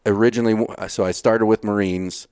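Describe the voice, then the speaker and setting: Brisk and steady, with a fairly low pitch and a smooth, slightly mellow tone, a man from Texas who retired from the Navy SEALs tells casual stories on a podcast. He's blunt, swears in passing and acts out his own former lines, recorded at studio quality without room sound.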